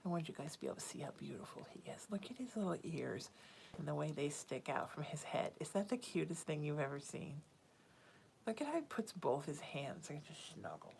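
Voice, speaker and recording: A woman, a psychic medium, chatting casually on a home livestream, doting and often dropping to a hushed murmur. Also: sits low, brisk, gravelly, a little hiss or hum. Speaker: psychic medium hosting a live reading stream. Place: at home with her cat.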